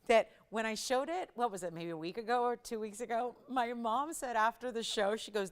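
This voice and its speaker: A woman hosting a live jewelry shopping show, chatting and telling stories as she pitches a ring, laughing often. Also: expressive, moderate pace. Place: TV studio.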